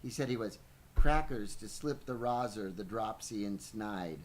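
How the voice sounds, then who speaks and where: A man's voice: on the low side, unhurried, low-quality recording. A man reading a book aloud on a podcast, stumbling now and then and breaking off for playful asides. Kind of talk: live book reading with banter.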